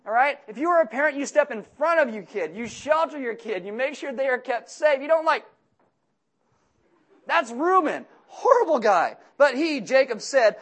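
Animated, high-voiced man preaching. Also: normal speed. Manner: animated, jokey storytelling, loud emphatic outbursts. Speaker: pastor. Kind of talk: sermon with humorous asides.

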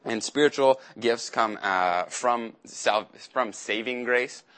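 Bright-voiced young youth pastor, chatty. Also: male voice, mid-range voice, slow pace. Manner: chatty, acts out quotes in little voices. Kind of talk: casual sermon.

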